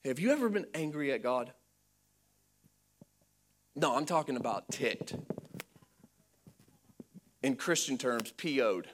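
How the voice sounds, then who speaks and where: A man preaching a sermon to a congregation, moving between loud fervent preaching and hushed storytelling, with playful asides. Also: medium pitch, expressive, slow pace, pauses often, a little hiss or hum. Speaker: pastor. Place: church before a congregation.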